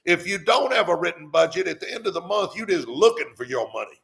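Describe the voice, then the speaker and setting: A man's voice: high voice, lively intonation, quick pace, vocal fry, fairly bright tone. A middle-aged man, hosting a live stream and preaching money advice in a fired-up way that keeps repeating "come on". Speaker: host.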